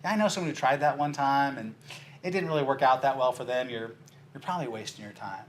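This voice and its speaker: A man giving a sales training talk, telling a story and acting out its characters' lines with lively shifts in his voice. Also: medium pitch, fast, a little hiss or hum. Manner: animated storyteller, acts out dialogue with big jumps in voice.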